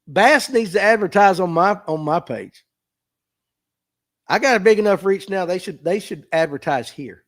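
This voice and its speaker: A man's voice: on the high side, lively intonation, normal speed, fairly bright tone. A man with a Southern US accent hosting a casual livestream podcast, folksy and self-deprecating as he reads viewer comments. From Southern United States. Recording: phone mic.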